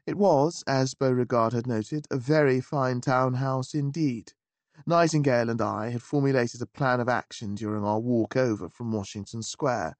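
Man, audiobook narrator, wry genteel storytelling, mid pitch, dry recording. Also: normal speed, no room sound. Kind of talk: scripted narration.

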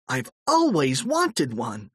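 A man's voice: mid-range voice, wildly swooping pitch, slow, husky, dry recording, full character voice. A man voicing a cocky, eager young boy in an audiobook. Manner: boastful and eager. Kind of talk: audiobook character voice.

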